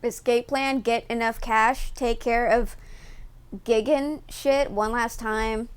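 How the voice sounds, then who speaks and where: A young woman streaming live, reacting to a video with loud, profane, joking commentary. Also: on the high side, steady tone, takes it slowly, clean tone. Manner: loud, profane, mocking jokes and frequent laughs.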